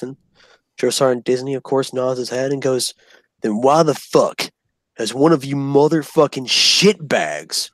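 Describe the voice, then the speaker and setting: Profane, animated man telling a story. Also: mid-range voice, no echo. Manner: animated, profane, acts out quoted voices. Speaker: storyteller recounting army basic training. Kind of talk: casual storytelling vlog.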